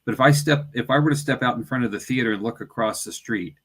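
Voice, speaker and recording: A man's voice: medium pitch, quick pace, fairly bright tone, husky. A man co-hosting a paranormal talk, chatting casually about an investigation. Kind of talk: casual discussion.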